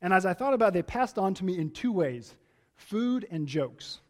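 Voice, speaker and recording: A man's voice: sits high, big pitch swings, normal speed, darkish tone. A man, a pastor, preaching a conversational sermon in a church, telling stories with frequent restarts.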